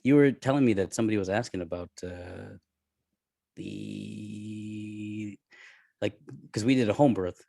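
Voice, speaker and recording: A man from Canada co-hosting a podcast in relaxed, wry casual chat, chuckling between remarks. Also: fairly low pitch, measured pace, vocal fry, no room sound, clean studio sound. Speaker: podcast co-host.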